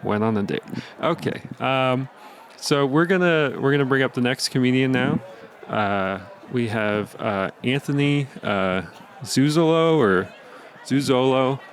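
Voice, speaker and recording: Gravelly guy hosting standup, lots of ums, faint street noise behind. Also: medium pitch, a little slow, few pauses. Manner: hesitant, filler-heavy, gravelly. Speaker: show host introducing comedians. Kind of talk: casual stage banter.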